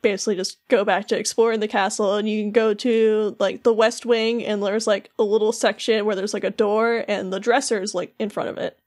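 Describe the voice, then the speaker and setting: A woman's voice: medium pitch, little pitch movement, brisk, hardly any pauses, darkish tone. A young adult woman co-hosting a podcast, recapping a game in casual chat and filling her talk with "like". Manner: chatty, heavy use of "like", acts out characters' lines. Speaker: podcast co-host.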